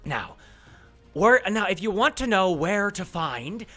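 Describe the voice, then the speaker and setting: A man's voice: high voice, big pitch swings, slow pace, sharp tone, soft background music, exaggerated voice. A man voicing a commanding woman pirate captain who is polite with a veiled threat. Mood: smoothly menacing.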